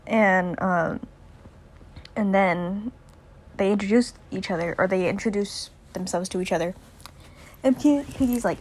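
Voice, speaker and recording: A woman's voice: medium pitch, measured pace, pauses often, darkish tone, a little hiss or hum. A teenage girl casually summarizing a book, rambling and jokey, with many "like"s. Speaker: student doing a book summary. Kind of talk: casual chat.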